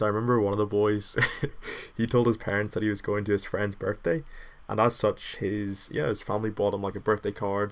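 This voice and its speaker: A young man, telling a casual story in a rambling, self-deprecating way full of filler words. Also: lowish voice.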